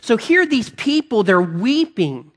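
A woman giving a casual, animated sermon, chatting and asking the audience questions. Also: on the high side, slow pace. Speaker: preacher.

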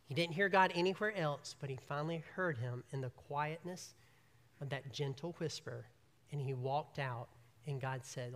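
Bright-voiced preacher in a reverberant hall. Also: mid-range voice, normal speed. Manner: emphatic preaching, swinging between loud and hushed. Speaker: pastor. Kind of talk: sermon. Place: church sanctuary.

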